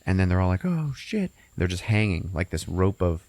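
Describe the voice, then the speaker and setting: A man hosting a podcast, casually recapping a movie with an animated, profane delivery and frequent laughs. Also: sits low, a little fast, dry recording. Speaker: podcast host.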